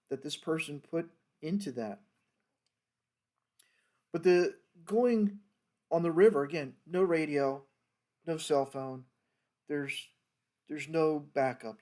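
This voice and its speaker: A man, a former federal agent, telling a story from his working days in a loose, rambling way, with many fillers and restarts. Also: a little high. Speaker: retired federal fisheries agent telling stories. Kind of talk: casual storytelling monologue.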